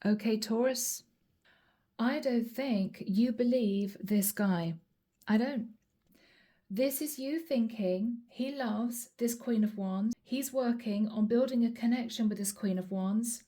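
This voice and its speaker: A woman's voice: fairly high pitch, slow pace, dark tone. A woman reading tarot cards to camera in a chatty way, calling her viewers guys. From Europe. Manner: chatty, addresses viewers as guys, acts out quoted lines. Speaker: tarot reader.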